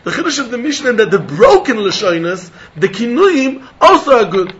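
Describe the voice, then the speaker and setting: High-voiced man giving a Talmud lecture. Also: sing-song, normal speed, a bit bright, dull audio, a little hiss or hum. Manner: mixes Hebrew and Yiddish terms, repeats phrases. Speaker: Talmud teacher.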